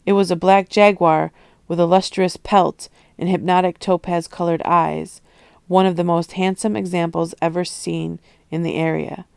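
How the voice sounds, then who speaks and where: Gravelly, smooth-voiced woman reading a novel. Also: on the low side, little pitch movement, normal speed, dry recording, clean studio sound. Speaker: audiobook reader. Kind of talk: storybook reading.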